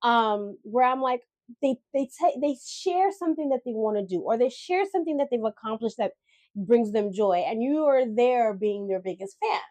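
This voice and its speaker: A woman co-hosting a podcast in casual chat, talking in a reflective, halting way with frequent fillers and restarts. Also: fairly high pitch, animated, darkish tone, dry recording. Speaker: podcast co-host.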